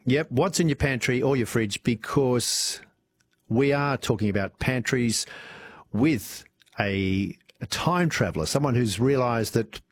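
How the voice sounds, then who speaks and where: A man with an Australian accent hosting an evening talk radio show, chatting warmly with listeners and swooping up and down as he talks. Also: mid-range voice, lively intonation, measured pace, breathy edge, dry recording. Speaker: radio host. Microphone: studio microphone.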